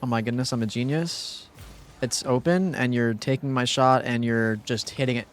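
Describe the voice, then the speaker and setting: At a moderate pace and in a mid-range voice, a young man narrates his live game stream, addressing viewers and a teammate casually. He alternates between quiet muttering and bursts of frustration.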